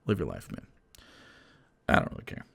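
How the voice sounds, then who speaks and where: A man's voice: moderate pace, bright, forceful tone. A man giving casual, sarcastic and profane reaction commentary on a political video.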